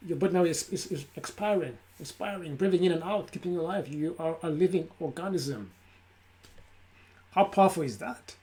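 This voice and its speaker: A man's voice: on the high side, brisk, a little mellow. Emphatic man giving a mindfulness pep talk. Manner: emphatic, repetitive lists. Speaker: self-help speaker. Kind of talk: live motivational talk. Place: his room. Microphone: camera.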